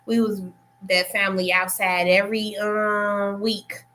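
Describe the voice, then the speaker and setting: A woman with a Chicago accent and a hint of the South chats as a podcast guest. She talks in an easy, hesitant way, filling pauses with "um". A faint hum sits under the recording. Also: mid-range voice, little pitch movement. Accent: Chicago with a Southern touch. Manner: easygoing, hesitant, with fillers. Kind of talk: casual chat.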